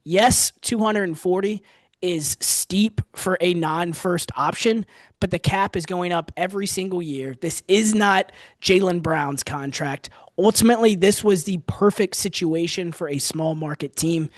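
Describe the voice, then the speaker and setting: A young man hosting a casual sports podcast, giving animated, quick analysis of trades. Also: high voice, no echo, clean studio sound. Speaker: podcast host.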